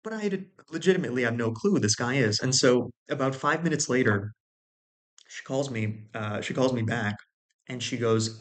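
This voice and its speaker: A man's voice: medium pitch, lively intonation, normal speed. A man explaining communication in a casual, conversational way, often restarting phrases and checking in with listeners. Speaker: video host.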